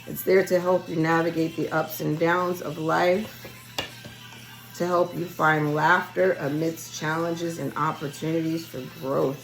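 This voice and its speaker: A woman's voice: low voice, flat delivery, a little slow, music in the background, poor audio. A woman giving a spiritual reading in a casual solo vlog, chatty and rambling as she talks straight to her viewers. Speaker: spiritual reader.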